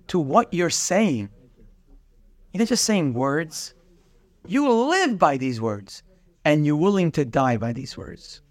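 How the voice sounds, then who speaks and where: A man's voice: a little high, no room sound. A man teaching a daily Torah class, acting out bits of dialogue and mixing in Hebrew terms. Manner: animated, acts out dialogue, mixes in Hebrew terms.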